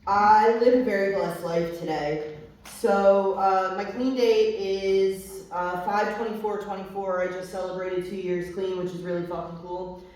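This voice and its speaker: Steady, unhurried and somewhat dark in tone, this medium-pitched young woman gives her recovery testimony to a group. She curses openly and fills pauses with fillers, captured from a distance in an echoey space.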